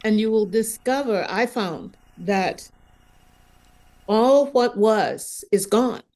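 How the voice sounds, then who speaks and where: A woman sharing a spiritual experience in a gentle, hesitant way, often repeating words. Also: mid-range voice, animated, slow pace. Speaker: wisdom circle participant.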